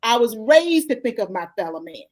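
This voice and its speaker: Heartfelt woman with a high voice. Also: big pitch swings, a little fast. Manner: folksy, heartfelt, preacher-like testimony. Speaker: guest, life coach and author. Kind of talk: emotional conversational interview.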